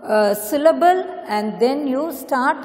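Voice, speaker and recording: A woman with an Indian English accent teaching an English class. She spells words letter by letter and repeats each one slowly. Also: sits high, animated, darkish tone, soft background music. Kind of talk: classroom lesson. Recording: echoey room with long reverb.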